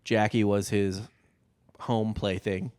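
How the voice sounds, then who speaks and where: A man with a somewhat low, smooth, clean voice tells a history story in a relaxed podcast chat. He rambles a little and leans on fillers as he goes. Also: slow. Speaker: podcast co-host.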